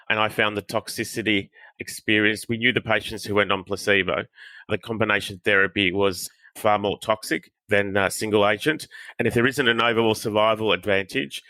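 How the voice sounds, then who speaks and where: A man's voice: fairly low pitch, pushed and bright, dry recording, poor audio. A man, an oncologist, explaining trial data in a matter-of-fact way in a roundtable discussion.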